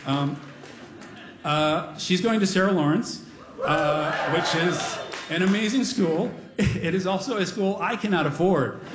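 A man's voice: high-pitched, measured pace, background noise. A middle-aged man telling a personal story on stage before a live audience, wry and self-deprecating with comic timing.

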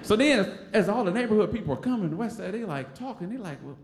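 A man with a Detroit accent telling a story live on stage, animated, acting out voices and laughing often. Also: high-pitched, fast, hardly any pauses, echoey room.

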